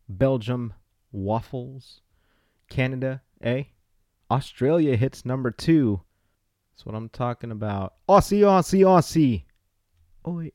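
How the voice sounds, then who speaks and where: A man hosting a podcast, giving casual, playful shout-outs and hyping up listeners. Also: on the low side, no room sound. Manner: hyped, playful, riffs on names. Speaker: podcast host.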